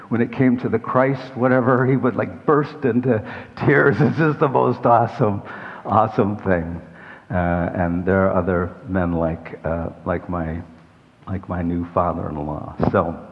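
A man in his sixties preaching a sermon in a conversational, rambling way, with self-deprecating asides. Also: on the low side. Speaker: pastor. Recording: echoey hall, dull lo-fi sound.

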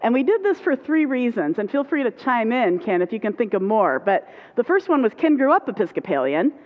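A woman's voice: a little high, very animated, fairly quick. A woman pastor giving a conversational sermon to her congregation. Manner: conversational, uses fillers like right and like. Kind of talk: sermon teaching. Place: church sanctuary. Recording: muffled sound with long hall reverb.

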